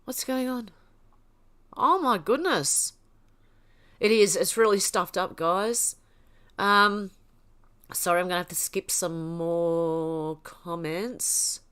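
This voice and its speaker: A woman's voice: on the low side, slow, pauses often, fairly bright tone, clear, resonant tone. A woman hosting a casual livestream, reading chat comments aloud and laughing often. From Australia.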